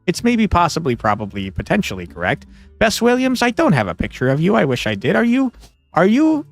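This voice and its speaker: An excitable man talks through a puzzle game with a fairly high voice. His pitch leaps around wildly, from low muttering to loud yelling. Faint music plays behind him. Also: a little fast, vocal fry. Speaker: gaming streamer. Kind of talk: let's play commentary.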